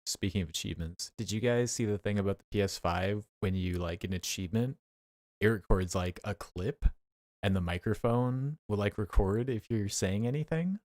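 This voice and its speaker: A man's voice: lowish voice, moderate pace, a little mellow, dry recording. A man co-hosting a podcast in casual chat, laid-back, often answering with short agreeing replies. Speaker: podcast co-host.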